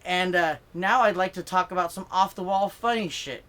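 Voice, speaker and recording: Fired-up swearing comedian ranting. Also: male voice, sits high, moderate pace, bright, forceful tone. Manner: fired-up, swearing, rambling with many fillers. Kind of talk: profane comedic political rant to camera. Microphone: filming himself on camera.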